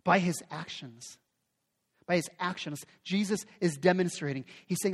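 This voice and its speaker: A man's voice: high voice, moderate pace, slightly rough. A man preaching a sermon with emphatic delivery, often repeating phrases for effect. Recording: long hall reverb.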